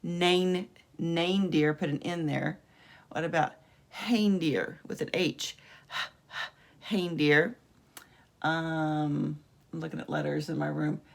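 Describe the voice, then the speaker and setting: A woman teacher giving a patient home video lesson on phonics, sounding out letters and words slowly from her room. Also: sits low, steady tone, vocal fry.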